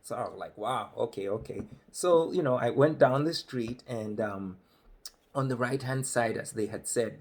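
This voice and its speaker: Husky man with an African accent telling a funny story. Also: mid-range voice. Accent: African English. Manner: conversational, acts out other voices. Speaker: comedic storyteller. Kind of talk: comedic storytelling.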